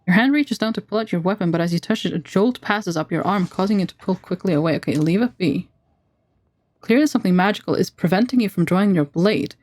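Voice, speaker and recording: A woman streamer reading a text adventure game aloud, with playful asides and brisk narration. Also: on the low side, darkish tone.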